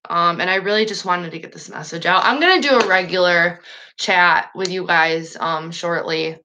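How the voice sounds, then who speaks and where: A woman's voice: medium pitch, normal speed, pushed and bright. A woman live-streaming an emotional monologue, upset and sad, swearing, trailing off and restarting her sentences. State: sad and agitated.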